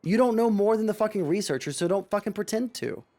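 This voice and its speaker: High-voiced guy ranting at a video, sarcastic, swears a ton. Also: expressive, fast talker, mellow. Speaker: streamer reacting to a video. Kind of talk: casual reaction commentary.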